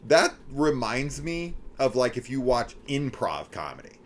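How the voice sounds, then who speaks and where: A middle-aged man talking through a horror film in a casual spoiler discussion, animated and incredulous, swearing and acting out scenes. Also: medium pitch, unhurried. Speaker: horror movie reviewer.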